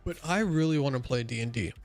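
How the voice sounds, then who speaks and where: A young gaming streamer chats casually while playing, rambling with lots of fillers and restarts and sounding a bit tired. His voice is medium-pitched and quick, with soft background music.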